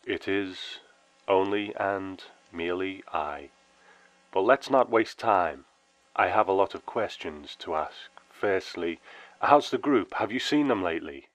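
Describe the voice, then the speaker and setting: A man reading a dead friend's warm, solemn voice. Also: deep voice, lively intonation, measured pace, no echo, low-quality recording. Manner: solemn, wry, with sudden brightening.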